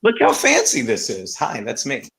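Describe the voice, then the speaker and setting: Pitch swooping wildly, his mid-range voice comes out creaky and a bit bright at a moderate pace. The man, a livestream talk show co-host, rambles through a story on a phone call while walking around a house indoors for a casual chat.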